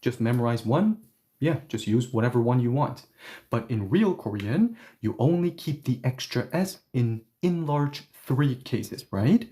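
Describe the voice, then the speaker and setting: A man's voice: medium pitch, unhurried. A man teaching Korean grammar in a live stream, explaining step by step and checking in often with his viewers. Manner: lively explainer who checks in with listeners.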